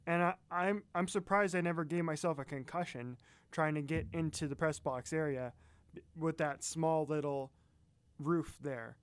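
A man's voice: on the high side, moderate pace, clear, resonant tone, no room sound. A man co-hosting a casual podcast, chatting in a folksy way and speaking straight to his listeners. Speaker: podcast co-host. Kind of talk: casual chat.

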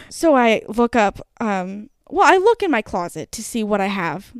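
A young woman in her twenties hosting a podcast, telling a story in a lively rush full of fillers. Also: mid-range voice, moderate pace, few pauses, clean tone, no room sound, clean studio sound. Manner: animated, breathless, full of "like" fillers. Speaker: podcast host. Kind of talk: casual storytelling.

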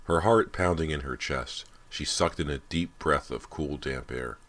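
A man narrates an audiobook in an extremely deep, low voice. His reading is measured and steady throughout. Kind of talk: scripted narration.

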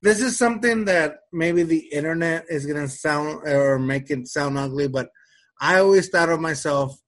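A man telling a story in casual chat, animated and acting out the people he quotes. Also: a little high, moderate pace. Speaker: storyteller in a conversation.

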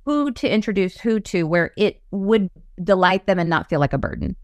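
A woman's voice: medium pitch, big pitch swings, moderate pace, dry recording. A woman hosting an interview in a casual, chatty way, with many fillers. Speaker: podcast host.

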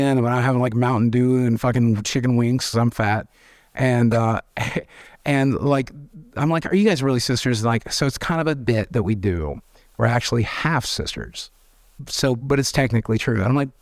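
A man, telling candid stories as an interview guest, animated and swearing freely as he acts out quoted voices. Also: medium pitch, dry recording, clean studio sound. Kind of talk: candid storytelling.

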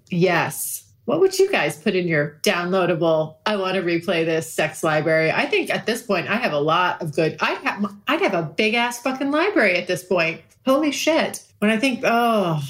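A woman hosting a podcast, talking frankly and profanely in a casual monologue and laughing often. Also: medium pitch. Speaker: podcast host.

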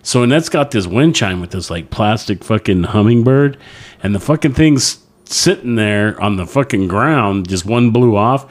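A man tells a crude, profane story on a comedy podcast, his pitch jumping around as he goes. He laughs often and swears constantly, talking like he's among friends. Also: animated, moderate pace. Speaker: podcast co-host.

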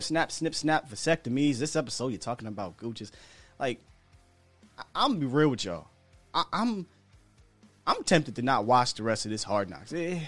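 A man's voice: on the high side, dry recording. An American man hosting a sports podcast, talking in a chatty, candid way with slang and the odd chuckle. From United States. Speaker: podcast host. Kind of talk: casual sports talk commentary.

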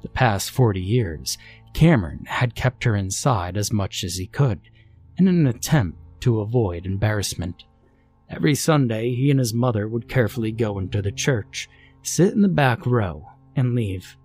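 Male horror narrator, low, measured, faint music bed. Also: expressive, darkish tone, breathy edge. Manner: measured storytelling.

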